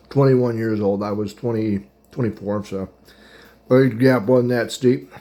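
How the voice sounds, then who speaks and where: With a lowish, mellow voice, the man speaks at a measured pace and pauses often. He's a podcast host in his thirties from the Pittsburgh area, casually telling a meandering, talkative story about his dating past while eating and laughing at it himself.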